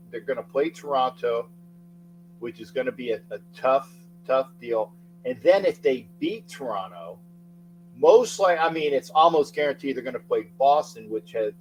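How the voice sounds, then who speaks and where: A middle-aged man hosting a casual sports livestream, excitably shouting out viewers' names and rambling between topics. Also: medium pitch, lo-fi sound, a little hiss or hum. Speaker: livestream sports talk host.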